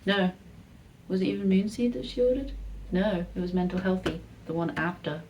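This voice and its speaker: A woman's voice: fairly low pitch, normal speed, a little hiss or hum, low-quality recording. A woman in casual vlog chat, rambling as she gives a tour of her home. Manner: chatty and rambling, soft asides to herself. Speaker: artist vlogger.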